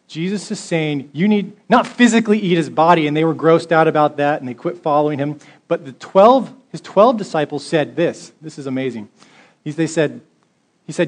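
A man's voice: a little high, normal speed. A male pastor preaching a sermon, reading scripture aloud and building to emphatic exhortation in a conversational way.

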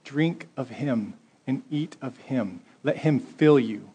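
A man's voice: medium pitch, slow pace, mellow, slightly rough. A male pastor preaching a sermon, reading scripture aloud and building to emphatic exhortation in a conversational way.

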